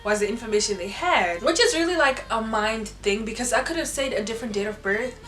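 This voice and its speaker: A young adult woman telling a storytime vlog in an animated, chatty way, full of "like" and "you know". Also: a little high, quick pace. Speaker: vlogger. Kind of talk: casual storytime chat. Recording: roomy room with faint music.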